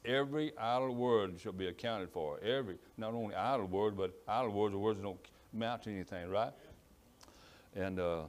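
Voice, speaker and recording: A man with a Cajun accent preaching a sermon in church. He has a strong voice and rambles, apologizes and stumbles over his words. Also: on the low side. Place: church in East Texas.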